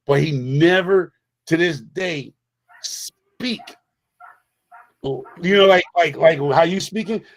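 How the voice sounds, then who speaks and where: A man's voice: fairly high pitch, takes it slowly. A middle-aged man from the Bronx, a guest in a casual conversation, telling stories emphatically with many repeats and restarts. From the Bronx, New York. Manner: emphatic, repetitive storyteller with frequent restarts.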